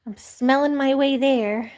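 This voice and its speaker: A cocky baby kitten brags in a high, sing-song voice about being the cutest and eating everything, as a woman puts on a pet voice. He is tiny, greedy and full of giggles. He sounds like a playful pet character from a home vlog. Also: fairly even intonation, a little slow, darkish tone. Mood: boastful.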